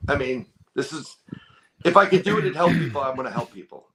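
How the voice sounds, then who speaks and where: Man, podcast guest, mid-pitched, rambling, casual storytelling. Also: lively intonation, brisk, crowd noise. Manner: rambling, many restarts and quoted dialogue.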